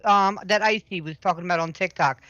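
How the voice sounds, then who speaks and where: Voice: mid-range voice, a little fast, fairly bright tone, no room sound, dull audio. A speaker in a casual online voice chat who talks scornfully about someone. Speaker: voice chat participant. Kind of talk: casual discussion.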